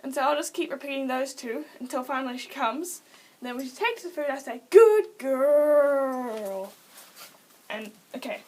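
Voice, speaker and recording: A woman's voice: high voice, far from the mic, a little hiss or hum, low-quality recording. A teenage girl casually explaining how to train pets, rambling, interrupting herself and giggling between points. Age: late teens. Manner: chatty, self-interrupting, giggly asides. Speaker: vlogger explaining pet training.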